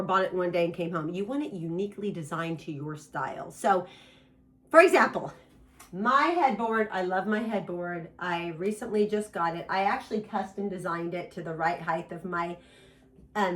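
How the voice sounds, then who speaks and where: A middle-aged woman giving a casual home design tutorial in her bedroom, offering emphatic advice straight to her viewers. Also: mid-range voice. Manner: emphatic, animated advice with direct address to viewers.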